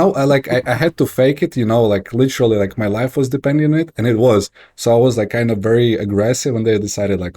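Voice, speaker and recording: Dark-voiced Ukrainian-accented man. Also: mid-range voice. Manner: animated, halting, many restarts and fillers. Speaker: guest, investor and entrepreneur. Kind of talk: casual interview storytelling.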